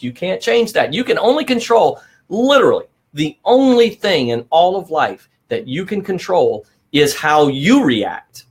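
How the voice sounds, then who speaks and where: Middle-aged guy doing a pep-talk livestream, punchy, keeps saying right?, voice a bit on the high side. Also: breathy edge. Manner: energetic, emphatic, repeats points with "right?". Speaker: live stream host. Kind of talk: motivational live stream talk.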